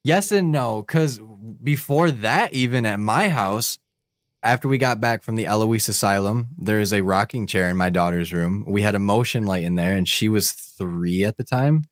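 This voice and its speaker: A man hosting a casual chat, relaxed in manner and swearing now and then. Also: lowish voice, normal speed, no room sound, studio quality.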